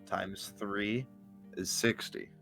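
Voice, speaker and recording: Deep-voiced playful male player. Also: fairly even intonation, slow pace, gravelly, bright, forceful tone, soft background music. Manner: playful, bargains in character. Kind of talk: casual chat in a tabletop game.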